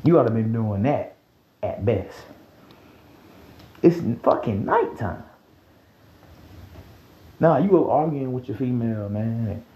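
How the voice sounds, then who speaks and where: A man hosting a casual podcast rant, heated and profane, dropping to low mutters and jumping up to high yells. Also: creaky. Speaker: podcast host. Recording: roomy, dull lo-fi sound.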